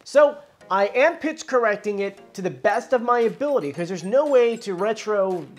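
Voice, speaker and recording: A woman's voice: medium pitch, expressive, moderate pace, soft background music. A woman hosting her channel, explaining in a casual, enthusiastic, chatty way. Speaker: channel host.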